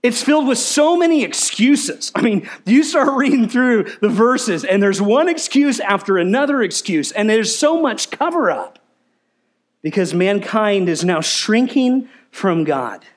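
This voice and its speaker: A man's voice: sits high, animated, a little slow. A man preaching a sermon, asking the congregation questions and driving his points with emphasis. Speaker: pastor.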